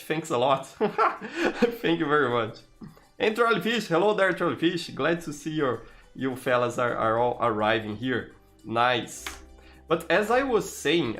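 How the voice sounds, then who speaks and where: Tired Brazilian man streaming. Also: medium pitch. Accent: Brazilian Portuguese. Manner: greets viewers by name, frequent restarts, relaxed. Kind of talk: casual live-stream chat.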